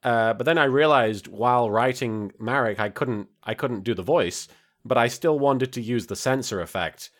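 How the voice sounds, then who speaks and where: A man's voice: mid-range voice, moderate pace. A man in his thirties hosting a casual podcast, telling stories with lots of fillers and restarts. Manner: rambling, filler-heavy storytelling. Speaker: podcast host and abridged-series creator.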